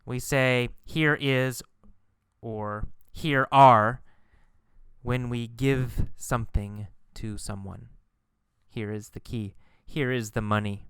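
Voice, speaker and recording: Male ESL teacher, slow deliberate delivery, bright clear tone, repeats key phrases. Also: medium pitch, no echo, studio quality. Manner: repeats phrases and lifts his voice when quoting characters. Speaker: English teacher. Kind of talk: slow explanatory ESL lesson.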